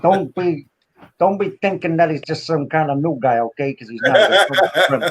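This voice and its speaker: A man's voice: on the high side, expressive, moderate pace. A man voicing a cocky male New York mob wise guy with a put-on New York accent, tough and boastful. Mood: threatening. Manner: tough, boastful, threatening in jest.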